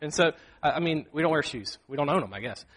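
High-voiced pastor preaching. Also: male voice, expressive, fast talker, fairly bright tone, husky. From Mississippi. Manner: earnest, self-deprecating, acts out quoted speech. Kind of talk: sermon. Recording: long hall reverb.

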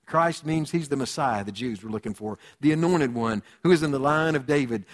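A pastor preaching a sermon, repeating key phrases and swinging between loud high passages and low, quiet ones. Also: male voice, brisk, hardly any pauses. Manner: preaching with sweeping rises and drops in pitch and volume.

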